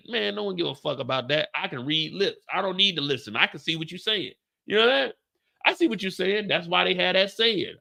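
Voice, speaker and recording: A young man from Kansas City hosting a casual livestream, talking loud and jokey and pushing his voice up to entertain. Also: on the high side, animated, brisk, vocal fry. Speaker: host of a TV show recap livestream.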